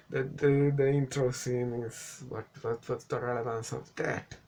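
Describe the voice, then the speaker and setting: A man's voice: medium pitch, flat delivery, unhurried, few pauses, a little mellow. A man whose first language is not English, giving a casual, sarcastic spoken movie review and swearing now and then. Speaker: film reviewer.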